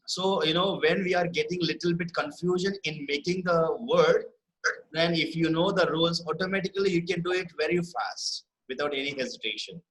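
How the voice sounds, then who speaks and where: A man teaching a spelling lesson online, explaining rules patiently and often checking in with "right?" and repeating key words slowly. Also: a little high, a bit bright, poor audio. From India.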